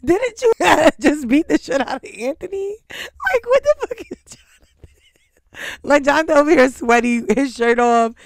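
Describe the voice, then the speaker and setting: A man's voice: very high-pitched, unhurried, no echo. A man hosting a casual recap of a reality TV episode, ranting profanely and laughing often. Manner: profane, laughing, animated rant.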